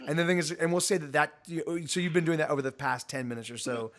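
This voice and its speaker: A man narrating as game master for a tabletop game, talking in halting bursts full of restarts. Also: a little high, steady tone.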